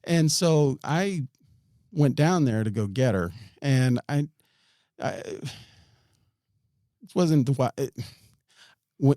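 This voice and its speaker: A man's voice: mid-range voice, expressive, slow pace, pauses often, mellow, no room sound, clean studio sound. A man, a podcast guest, tells a story in a rambling way, with many restarts and chuckles. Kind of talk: storytelling in an interview.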